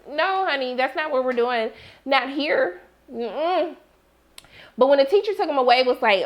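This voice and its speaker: A young woman reviewing a TV episode in a casual, animated chat, jumping into excited exclamations as she reacts. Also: moderate pace. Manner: animated, expressive, swings into high excited exclamations. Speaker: TV recap reviewer.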